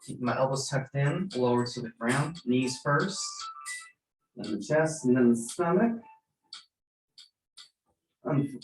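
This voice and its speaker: A man in his thirties leading a gentle yoga class, giving calm cues for breath and movement with light joking asides. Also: medium pitch, takes it slowly, pauses often, soft background music. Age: 30s. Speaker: yoga instructor. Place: church room. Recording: roomy, from far off the mic.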